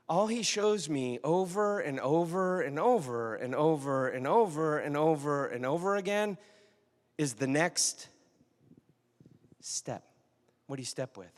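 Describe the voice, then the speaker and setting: Pastor, male, a bit high-pitched, chatty storytelling sermon, long reverb of a big hall. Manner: conversational storytelling, asks the audience questions.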